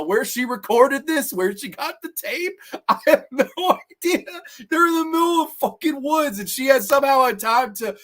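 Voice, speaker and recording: A man giving casual, animated commentary as a horror movie reviewer, swearing freely and acting out scenes in funny voices. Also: high-pitched. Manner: animated, profane, acts out quotes in funny voices.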